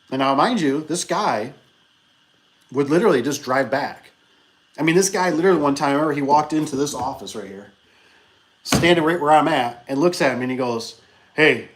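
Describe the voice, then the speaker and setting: A man who owns a small business telling a rambling story in an animated, casual way, acting out the people he quotes. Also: medium pitch, brisk, long pauses. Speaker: business owner vlogger.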